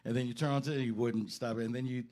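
A man's voice: medium pitch, steady tone, rapid-fire, darkish tone. A man leading a jazz band, talking casually from a club stage between songs, rambling and joking with many fillers. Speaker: bandleader and pianist introducing songs.

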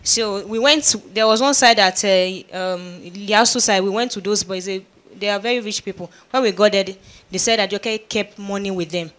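A woman is telling a church gathering what happened. Her account is plain and halting, and she often restarts her sentences. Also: medium pitch, a bit bright.

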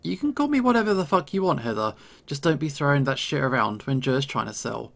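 A man voicing a calm, lackadaisical young fox dealer in a visual novel, laid-back and full of swearing. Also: medium pitch, a little fast, vocal fry. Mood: annoyed.

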